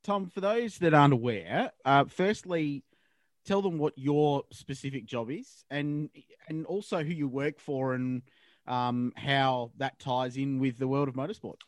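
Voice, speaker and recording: A man's voice: medium pitch, no echo, clean studio sound. An Australian man hosting a motorsport program, wrapping up an interview with friendly thanks. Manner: friendly, quick affirmations. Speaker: host. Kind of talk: casual interview.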